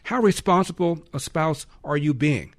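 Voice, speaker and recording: A man's voice: a little high, expressive, normal speed. A man hosting a call-in radio talk show, arguing emphatically and firing off rhetorical questions.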